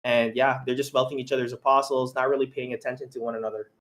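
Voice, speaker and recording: Excitable young male esports caster. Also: mid-range voice, quick pace. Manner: excitable, laughs often, banters. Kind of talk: live esports commentary.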